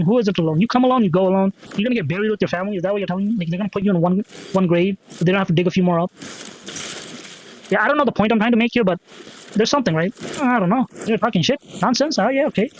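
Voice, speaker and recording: A man's voice: sits high, slight background noise, poor audio. A man hosting a solo podcast, rambling and swearing, with lots of fillers and restarts as he repeats himself. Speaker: podcast host.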